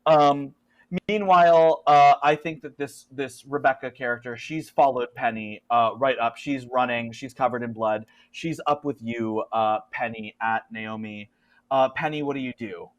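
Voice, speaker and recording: A man's voice: mid-range voice, lo-fi sound. A man running a tabletop horror game as game master, narrating animatedly and often laughing. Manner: animated, quick to laugh, filler-heavy.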